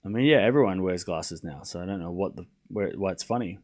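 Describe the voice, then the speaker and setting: A man with a deep, dark-toned voice talks fast while streaming a live tennis watchalong. He calls the points and bants with viewers, teasing them with playful mock outrage.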